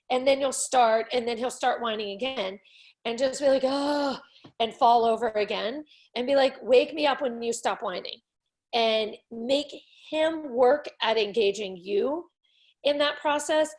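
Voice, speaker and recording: A woman's voice: fairly high pitch, measured pace. A woman coaching a parent with confidence, explaining her advice and acting out short examples.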